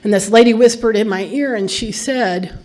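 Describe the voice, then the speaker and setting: A woman's voice: mid-range voice, normal speed, darkish tone. A middle-aged woman speaking at a recovery meeting, telling her story in an earnest, emphatic way. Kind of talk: personal testimony talk.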